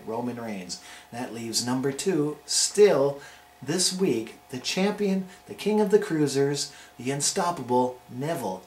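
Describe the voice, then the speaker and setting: A man hosting a casual video review, talking in a hyped, playful countdown style. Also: medium pitch. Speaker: wrestling show reviewer and host. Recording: roomy echo with faint noise.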